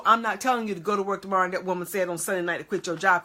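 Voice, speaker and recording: A woman's voice: fairly low pitch, rapid-fire, few pauses, bright, forceful tone. A woman preaching an emphatic motivational sermon, repeatedly checking in with her audience.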